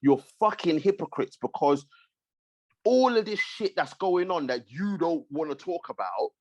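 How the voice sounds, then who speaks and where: A man's voice: fairly high pitch, animated, measured pace, a little mellow, no room sound. A man, co-hosting a casual podcast chat, driving his points home by repeating them. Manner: emphatic, repeats points, says bruv. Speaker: podcast co-host.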